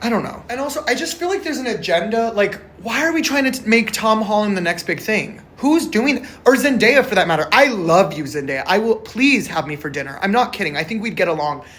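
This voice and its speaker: A man's voice: high-pitched, animated, brisk, few pauses, a bit bright. Male vlogger, passionate off-the-cuff rant, swears freely, restless and emphatic. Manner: rambling, emphatic, swears a lot; passionate, frustrated. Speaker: vlogger reviewing a film. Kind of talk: casual monologue to camera.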